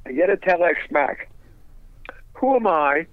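A man telling a business story in a fast, animated, wisecracking way, laughing at his own punchlines. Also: on the high side, no echo, phone-quality sound. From United States.

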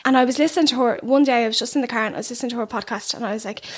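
A young Irish woman chatting casually as a podcast guest, laughing often and adding quick asides. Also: a little high, husky. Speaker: podcast guest, fitness trainer. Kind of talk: casual chat.

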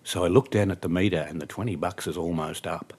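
A man with a very deep voice tells a story from his days driving taxis. His delivery is dry and wry, like easy conversation. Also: fast, darkish tone, slightly rough. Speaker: taxi driver. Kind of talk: spoken anecdote storytelling.

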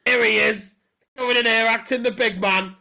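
A man's voice: very high-pitched, steady tone, normal speed, vocal fry, bright, forceful tone, exaggerated voice. A man doing a blustering, rude pub landlord. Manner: blustering, boastful.

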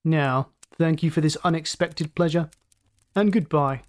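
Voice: mid-range voice, measured pace, lightly acted. A narrator voicing a smug, courteous space pirate chief. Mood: mocking. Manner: mocking, courteous. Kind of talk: audiobook reading.

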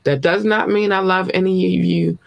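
A man hosting a podcast, talking casually with chatty, affectionate, rambling shout-outs to his listeners. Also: sits high, flat delivery, normal speed, gravelly, no echo. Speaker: podcast host.

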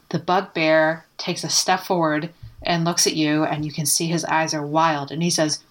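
A woman narrating as game master in a casual tabletop game, chatty and quick to laugh. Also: low voice, fairly bright tone. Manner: chatty, laughing, lots of fillers.

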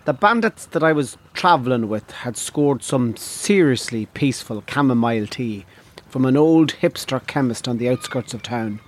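A man from Donegal with an Irish accent, telling a comic story in a wry, deadpan way. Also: medium pitch. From Donegal, Ireland. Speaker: comedian.

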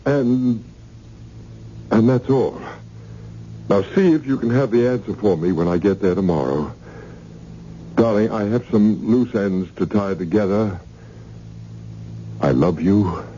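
An actor playing a smooth, scheming male officer who teases his lover, in a 1970s radio drama. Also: fairly low pitch, unhurried, pauses often, warm tone, slight background noise, close to an everyday voice. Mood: teasing. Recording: dull lo-fi radio recording.

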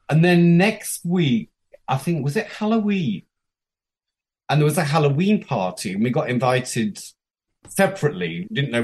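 A man in his fifties from England tells his own stories in a relaxed, candid way. He swears freely and brings the quoted people to life with lively voices. His pitch sits in an ordinary middle range for a man. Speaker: interview guest. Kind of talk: candid storytelling.

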